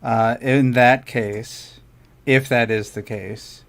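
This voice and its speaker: A man playing in a tabletop game, thinking out loud about his character's moves. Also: mid-range voice, fairly even intonation, takes it slowly. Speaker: player.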